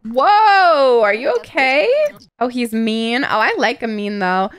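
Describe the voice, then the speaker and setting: A woman giving casual gameplay commentary in an excitable, gossipy and profane way. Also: a little high, takes it slowly, clean tone. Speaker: gaming YouTuber.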